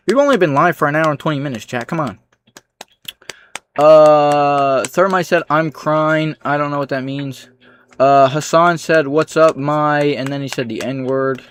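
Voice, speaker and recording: A man livestreaming, reading out chat comments with dry, sarcastic replies and low-key asides. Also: a little hiss or hum.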